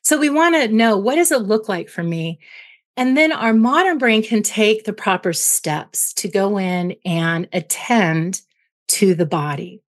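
Woman, psychologist guest, mid-pitched voice, explanatory interview talk, leans on analogies. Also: lively intonation, a little slow. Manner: teaching through analogies, tags points with "right?".

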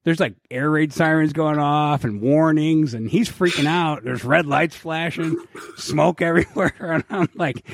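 A middle-aged man co-hosting a podcast, telling a profane story in a casual, animated way and acting out what people said. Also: on the high side, normal speed, vocal fry, no echo. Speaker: podcast co-host.

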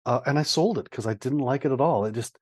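A man's voice: mid-range voice, husky, no echo. A man co-hosting a podcast, chatting casually with lots of restarts and reading out listener comments. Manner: halting, many restarts, reads out listener comments, laughs easily. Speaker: podcast co-host. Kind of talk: casual chat.

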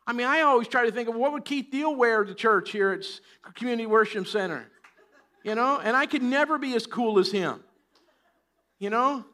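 A man preaching a sermon in church, joking and chatty at times and then rising to loud, emphatic preaching. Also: very high voice, moderate pace. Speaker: pastor.

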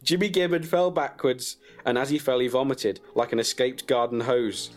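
A man reading a crude comic story about himself in a deadpan way and breaking into laughs. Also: medium pitch, normal speed, faint music behind.

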